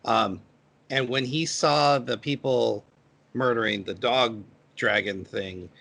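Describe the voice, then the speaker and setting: A man in his thirties on a casual anime podcast, telling a story with many pauses and fillers. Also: medium pitch, vocal fry, a bit bright. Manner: halting, filler-heavy storytelling. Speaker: podcast co-host.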